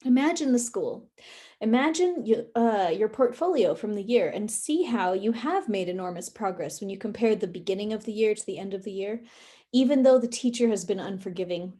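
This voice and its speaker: A woman guides a session on letting go of perfectionism, giving tapping and breathing directions in a calm, instructive way with some fillers. Her voice is mid-range and a little fast.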